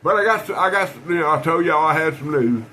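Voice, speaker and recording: A man's voice: fairly high pitch, lively intonation, quick pace, sharp tone, a little hiss or hum, poor audio. A man talking casually to camera about his knife collection, rambling and folksy, with frequent restarts. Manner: folksy, rambling storyteller with many restarts and fillers.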